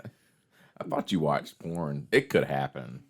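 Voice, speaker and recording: Slow, deep-voiced man with crude jokes. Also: lively intonation. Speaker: podcast co-host. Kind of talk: casual comedic banter.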